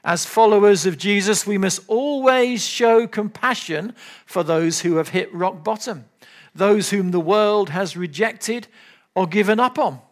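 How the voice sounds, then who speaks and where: An older man preaching a sermon, earnest and emphatic, at times dropping to soft, low appeals. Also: a little slow.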